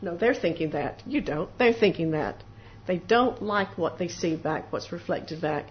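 A woman whose voice is on the low side speaks expressively and at a measured pace, earnestly preaching a devotional sermon. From time to time she voices doubters and people in prayer. The recording is dull, lo-fi, and faintly noisy.

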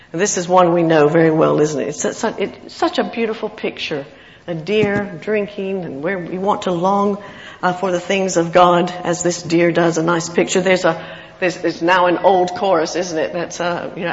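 A woman's voice: on the low side, moderate pace. A woman giving an informal sermon, reading scripture expressively and chatting with the congregation. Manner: expressive, reads scripture with rising emotion. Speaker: lay preacher. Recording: muffled, echoey hall.

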